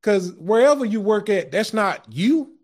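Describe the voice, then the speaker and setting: A man with a high voice delivers a fiery, sermon-style talk on his own show. He speaks in blunt street slang, calls his listeners guys and family, and stumbles through repeated words as he builds each point. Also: lively intonation, a little slow. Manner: impassioned, repeats words when starting a thought. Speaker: podcast host.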